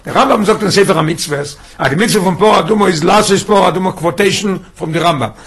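High, gravelly, fast-talking rabbi. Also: male voice, fairly bright tone. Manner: emphatic, mixes in Yiddish and Hebrew terms. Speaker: rabbi teaching a class. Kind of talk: Torah class lecture.

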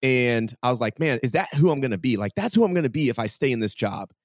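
A man's voice: mid-range voice, quick pace, no room sound, clean studio sound. A man, a podcast guest, telling stories casually and animatedly, acting out the dialogue and saying "like" a lot. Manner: animated, acts out dialogue with many "like"s. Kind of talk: casual storytelling interview.

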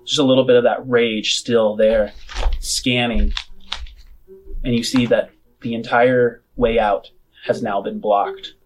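A man narrating as game master of a tabletop game, describing scenes in an unhurried, casual way. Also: mid-range voice, steady tone, slight background noise, rough recording.

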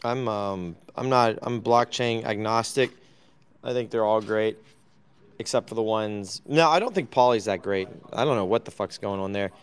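Smooth-voiced man hosting a casual chat. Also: fairly low pitch, normal speed.

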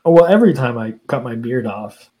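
A man's voice: mid-range voice, animated, brisk, mellow. A man co-hosting a podcast in casual chat, adding wry commentary and laughing often. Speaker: podcast co-host.

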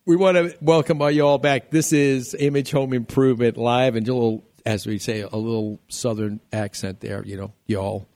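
A man's voice: mid-range voice, steady tone, moderate pace, hardly any pauses, darkish tone, no echo. A man from New York hosting a home improvement radio show, joking and rambling in a casual way. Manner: joking, rambling, laughs often.

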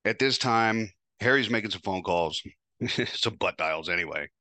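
A man's voice: lowish voice, animated, unhurried, bright, forceful tone, no echo. A man hosting a podcast, telling a first-person story in a casual, profane, wry way. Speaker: podcast host.

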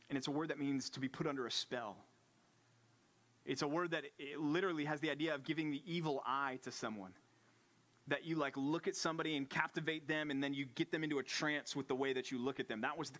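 A male pastor, preaching a sermon and acting out the lines of biblical figures with lively energy. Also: a little high. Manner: animated, acts out quotes of the disciples and Paul.

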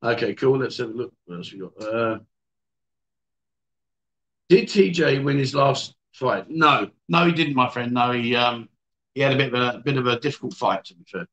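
A man's voice: mid-range voice, animated, moderate pace, a bit bright, rough recording. A man hosting a casual livestream, reading viewer comments aloud and joking with his guests. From England. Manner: teasing, joking banter with guests. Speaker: livestream host.

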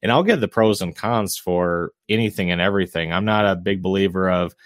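A man's voice: low voice, brisk, dry recording, clean studio sound. A man guesting on a podcast, talking about real estate in an easygoing way with frequent chuckles and fillers. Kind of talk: casual interview chat.

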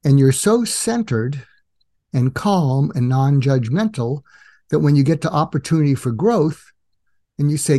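A man's voice: on the high side, unhurried. An older man, a guest psychiatrist, explaining in an interview and acting out quoted dialogue. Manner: animated, acts out quoted dialogue.

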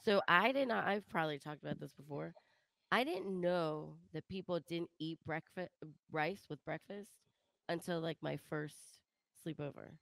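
Gravelly-voiced chatty woman. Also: low voice, normal speed, fairly bright tone, no room sound. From Philippines heritage. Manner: chatty, laughing. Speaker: podcast co-host. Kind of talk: casual chat, storytelling.

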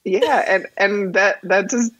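A woman's voice: medium pitch, takes it slowly, fairly bright tone, dry recording. A woman guest in casual interview chat, telling her story animatedly with frequent laughter.

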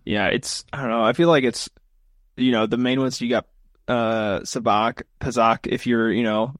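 A male podcast co-host rambles through a casual chat, using lots of fillers. His mid-range voice has fairly even intonation and normal speed, captured in a dry, clean studio recording.

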